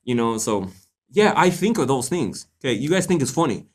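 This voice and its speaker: A man's voice: medium pitch, big pitch swings, fairly quick. A young man hosting a live question-and-answer stream, chatting casually in a laid-back, joking, slangy way and laughing often. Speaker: livestream host answering viewer questions.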